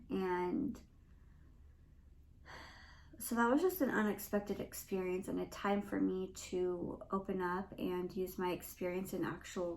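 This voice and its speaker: A woman's voice: medium pitch, rough recording. A young woman hosting a podcast, talking earnestly and emotionally in a rambling personal monologue. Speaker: podcast host.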